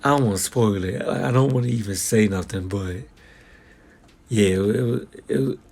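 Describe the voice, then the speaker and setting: A man's voice: lowish voice, moderate pace, vocal fry, darkish tone. A young man giving a casual spoken film review, telling stories in a rambling way full of slang and restarts.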